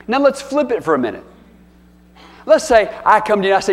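A man with a high voice preaches a sermon, drifting into folksy stories and acting out little bits of dialogue. His words ring out with a long trailing reverb from a large hall. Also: animated, fast talker. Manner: folksy storytelling with playful acted-out dialogue. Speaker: pastor.

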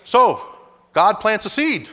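A man's voice: high voice, very animated, slow pace, fairly bright tone, long reverb tail. A man preaching a sermon with emphatic delivery, speaking lines in the voices of God and Jonah in turn. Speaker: pastor.

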